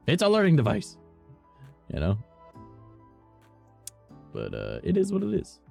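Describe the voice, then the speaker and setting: This young streamer rambles through long stories while gaming, swearing freely, laughing at himself, and adding "right?" or "all right?" to his lines, as faint game music plays. His voice is a little high and mellow with vocal fry, its pitch swooping wildly, and he speaks slowly with long pauses.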